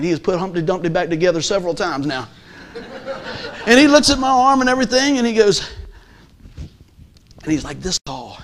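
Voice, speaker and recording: Man giving a testimony, high pitched voice, storytelling, loud then hushed. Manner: storytelling with acted-out quotes, swings from loud to hushed. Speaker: gospel musician giving testimony. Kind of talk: animated testimony sermon.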